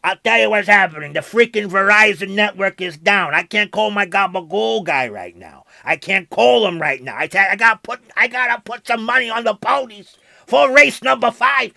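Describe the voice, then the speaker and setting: A man's voice: sits high, gravelly, bright, forceful tone, dry recording, full character voice. A man voicing a blustering middle-aged New York wiseguy with a thick New York accent, griping over and over. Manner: exasperated, repetitive griping.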